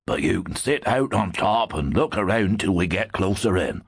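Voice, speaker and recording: A husky, grave old man. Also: low voice, lively intonation, dry recording, studio quality, heavily acted. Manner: rustic old-fashioned dialect, measured and grave. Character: wise old male gyptian elder, protective.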